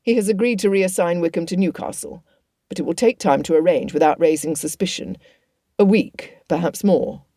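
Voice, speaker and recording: A woman reading an audiobook voices a protective young officer, speaking roughly and earnestly. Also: fairly low pitch, moderate pace, dark tone, no echo, clean studio sound. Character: wry protective cousin, a young army officer.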